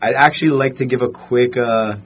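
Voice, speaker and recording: A young man telling a story in a casual podcast chat, animated and full of fillers. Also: medium pitch, a little fast, faint music behind.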